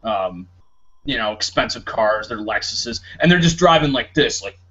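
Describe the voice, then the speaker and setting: A man's voice: fairly low pitch, animated, normal speed, a bit bright, breathy edge. A young man co-hosting a podcast in a casual chat, rambling and sarcastic, with lots of fillers. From Florida, United States. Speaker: podcast co-host. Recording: dull lo-fi home recording.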